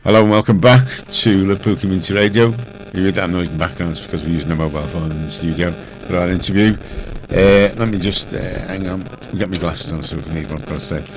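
An older man with a Scouse accent hosting a casual radio studio interview, chatty and halting with many fillers. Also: low voice, steady tone, slight background noise, poor audio. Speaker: radio host.

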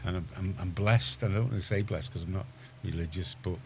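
A deep-voiced middle-aged man with a Liverpool accent chats on a community radio show. He rambles and restarts his sentences, then gets emphatic on points he cares about. A light background hiss sits under the studio sound. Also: fairly quick, darkish tone. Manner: rambling, self-correcting, gets heated and emphatic. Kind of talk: casual radio chat.

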